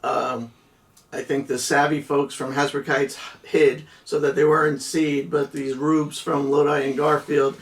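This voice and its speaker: A man's voice: fairly high pitch, level tone, a little slow, far from the mic. Rambling middle-aged man telling old stories. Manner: rambling with restarts and laughs, acts out quotes. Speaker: podcast co-host. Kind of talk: casual storytelling chat.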